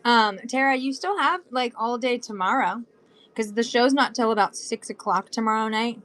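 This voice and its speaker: A woman's voice: fairly high pitch, normal speed, fairly bright tone, no room sound. A woman in her thirties from Southern California, selling jewelry supplies on a live stream in a chatty, bubbly way, talking straight to viewers. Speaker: live shopping seller.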